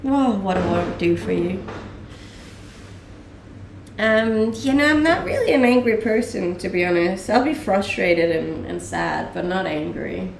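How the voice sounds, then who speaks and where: A young Danish woman speaks a little slowly at medium pitch, with lively intonation and vocal fry, as she casually takes viewer questions on a live stream. She laughs often and leans on fillers. Slight background noise, echo, and a mic positioned a bit away are audible.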